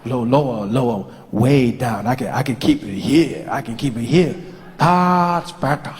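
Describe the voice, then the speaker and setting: A man performing stand-up, narrating a story briskly between character voices. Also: medium pitch, dark tone, big-room sound. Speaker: stand-up comedian.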